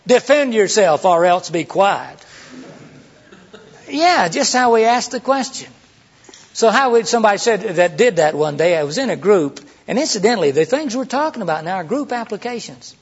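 A middle-aged man preaches conversationally in a high, expressive, slightly rough voice at a fairly quick pace. He asks rhetorical questions and acts out quoted lines in this sermon teaching, captured in a dull lo-fi recording.

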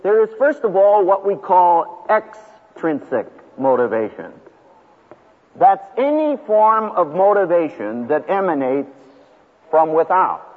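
A man lectures as a seminary professor, punching single words and leaving long pauses. His voice sits fairly high and swings widely in pitch, with a husky edge. The recording is thin and lo-fi, with long reverb from a large hall. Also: very animated.

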